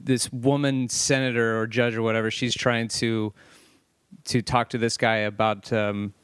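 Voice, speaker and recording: A man's voice: medium pitch, measured pace, clean tone, no room sound, clean studio sound. A man co-hosting a casual podcast chat, swearing freely and acting out quotes as he tells stories. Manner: profane, animated storytelling with quoted voices. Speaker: podcast co-host.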